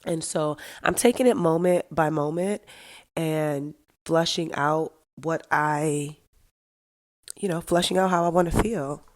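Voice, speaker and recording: A woman's voice: low-pitched, fairly even intonation, measured pace, darkish tone. A middle-aged woman hosting her own podcast, talking through her thoughts in a candid, heartfelt solo monologue that turns emotional at times. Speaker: podcast host.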